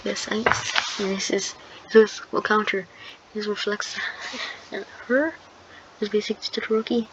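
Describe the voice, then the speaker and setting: The recording is dull and lo-fi, with background noise easy to hear, as a woman hosting a channel improvises fan fiction. She rambles and hesitates, filling gaps and restarting often, in a steady, unhurried, mid-range voice.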